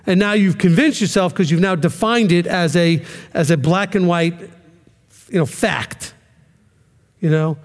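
A man's voice: high-pitched, expressive, measured pace, gravelly, in a large hall. A man teaching a ministry class in a conversational sermon style, often checking in with "okay?" and acting out quoted voices.

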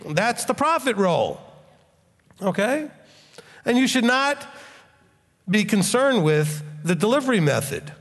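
A man preaching a sermon in a blunt, animated way and leading a closing prayer. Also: high voice, unhurried, long pauses, long reverb tail. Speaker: pastor.

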